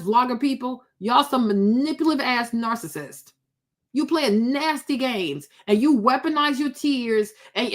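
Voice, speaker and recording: A woman's voice: fairly high pitch, a bit bright. A woman giving blunt, sassy reaction commentary, scolding someone with pointed rhetorical questions. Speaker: commentary vlogger.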